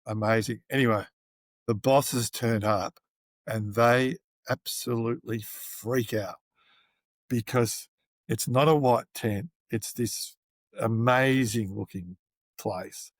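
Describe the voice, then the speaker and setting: A man's voice: medium pitch, steady tone, slow pace, no room sound, clean studio sound. Rambling Australian man telling anecdotes. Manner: rambling anecdotes with many fillers and restarts. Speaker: guest. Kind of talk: casual storytelling interview.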